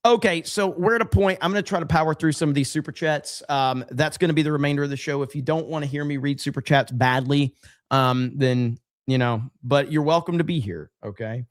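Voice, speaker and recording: A man's voice: on the high side, fairly quick, dry recording, clean studio sound. A man hosting a livestream, casually reading viewer comments aloud in a loose, profane, rambling way full of fillers. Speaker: livestream host.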